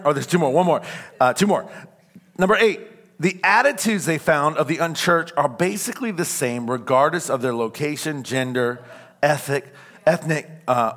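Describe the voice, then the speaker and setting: A man preaching a sermon in church, emphatic, with call-and-response lines that rise to shouts on key points. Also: fairly high pitch. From California. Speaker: pastor. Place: church sanctuary.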